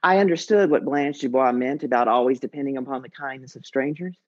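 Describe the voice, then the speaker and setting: A man's voice: medium pitch, a little fast, no echo, muffled recording. A man storyteller telling a personal story on stage in a wry, candid way. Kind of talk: live storytelling.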